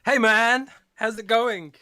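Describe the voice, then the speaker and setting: A man's voice: extremely high pitch, slow pace, sharp tone. A man co-hosting a gaming podcast in casual chat, joking and laughing as he reads a sponsor spot. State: tired after feeling unwell. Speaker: podcast co-host.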